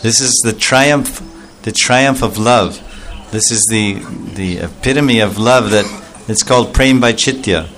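A man's voice: on the low side, measured pace, hardly any pauses, a bit bright. A man telling a devotional story as a sermon, acting out the voices of its characters with rising emotion. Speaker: spiritual storyteller.

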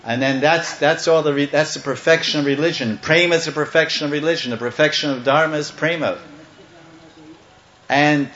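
Brief: man playing a defiant male bull demon in a spoken story, menacing, a touch high, muffled echoey sound. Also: steady tone, fairly quick, a bit bright, lightly acted. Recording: echoey, slightly muffled room.

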